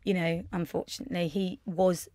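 A woman's voice: on the low side, a little fast, dry recording, studio quality. Woman telling family anecdotes. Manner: animated anecdotal storyteller. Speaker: guest. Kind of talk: casual chat.

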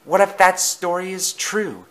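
A man's voice: sits high, a little slow, fairly bright tone, pitched above the performer's own voice. A man voicing a small, timid young male tank engine who frightens easily. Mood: anxious. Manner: fearful, wailing.

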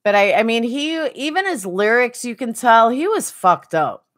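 A woman's voice: on the high side, sing-song, normal speed, fairly bright tone. A woman streaming a game, chatting casually and answering viewers by name. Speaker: game streamer reading chat. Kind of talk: casual chat while gaming.

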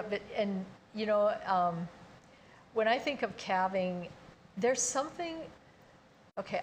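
A woman's voice: fairly low pitch, slight background noise. A woman co-hosting a casual chat, reflective and close to tears as she speaks. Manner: reflective, grows emotional telling a story. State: tearful. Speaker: co-host.

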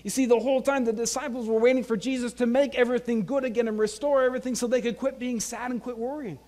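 Pastor preaching with hall reverb. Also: male voice, very high voice, steady tone, quick pace, dark tone. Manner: retells scripture in casual dialogue, acting out voices. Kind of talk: sermon. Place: church sanctuary.

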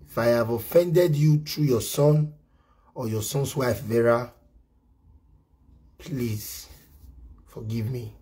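A man's voice: mid-range voice, unhurried, dark tone, slightly rough. A man with a Nigerian accent delivering a pleading, repetitive apology, mixing Pidgin and Yoruba. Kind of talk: apology video monologue.

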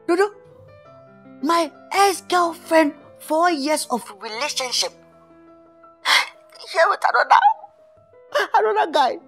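A woman's voice: very high voice, a bit bright, full character voice. A woman with a Nigerian accent playing a showy, heartbroken male pop musician in a comedy skit, dramatic and repetitive. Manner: dramatic, repeats itself, wailing. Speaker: comic actor.

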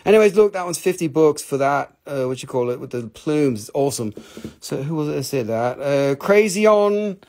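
A man hosting a live rock and mineral sale, chatting casually. He talks fast, rambles with excitement and swears freely. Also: a little high. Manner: talks fast when showing items. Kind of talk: live sales stream, casual chat.

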